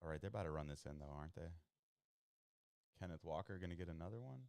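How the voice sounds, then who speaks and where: A man talks through a football game live, jumping between nervous worry and hype. His voice sits low and comes across smooth. The mic sounds dry, with no room behind it. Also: fast talker, no echo. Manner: excitable, chatty, jumps between worry and hype. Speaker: host of a live sports watch stream. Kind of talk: casual live reactions while watching football.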